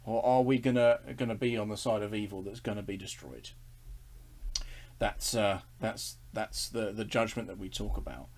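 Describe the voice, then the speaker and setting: A man's voice: on the low side, normal speed, darkish tone. A man leading a casual online Bible study, earnest and enthusiastic, chuckling and restarting as he talks.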